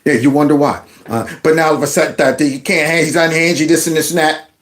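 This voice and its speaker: A man's voice: a little high, steady tone, fast. A middle-aged man, ranting and mocking as he comments on political clips. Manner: heated, mocking, mimics voices.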